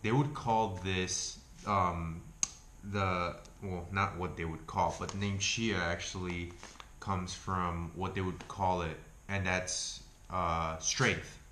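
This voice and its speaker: A man's voice: low voice, fairly even intonation, slow pace, bright, forceful tone, reverberant, slight background noise. A man with an Argentine accent, chatting casually as a health food vlogger, rambling, swearing freely and correcting himself. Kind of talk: casual chat review.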